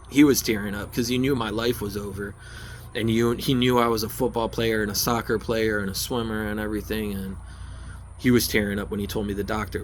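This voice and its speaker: A man's voice: lowish voice, a bit bright, a little hiss or hum. Rambling man telling a story outdoors. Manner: rambling, repeats key phrases over and over. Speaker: vlogger telling his recovery story. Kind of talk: casual first-person storytelling.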